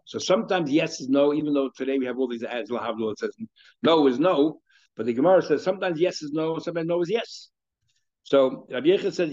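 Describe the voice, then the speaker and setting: A man gives a relaxed daily Talmud lesson, thinking out loud, often restarting his sentences and weaving in Hebrew and Aramaic terms. His voice is mellow and dark. The recording sounds dull and muffled. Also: medium pitch. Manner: conversational, thinking aloud with frequent restarts; mixes Hebrew and Aramaic terms into English explanation. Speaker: Talmud teacher. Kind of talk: daily Talmud class lecture.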